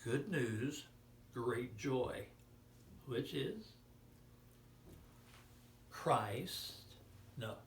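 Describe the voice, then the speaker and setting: A man's voice: mid-range voice, extremely slow, pauses often, slight background noise. A man giving a children's Christmas message, telling a story with acted-out dialogue, sometimes dropping to a whisper. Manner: animated storytelling, acts out dialogue, drops to a whisper. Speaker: children's speaker. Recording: roomy hall, voice from far off, faint ambience.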